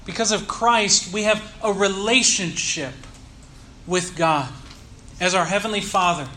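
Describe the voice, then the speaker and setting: A man preaching a sermon, teaching earnestly and leaning slowly on key words. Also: high-pitched, pushed and bright, slight background noise. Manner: earnest teaching tone with slow emphatic stresses. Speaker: pastor.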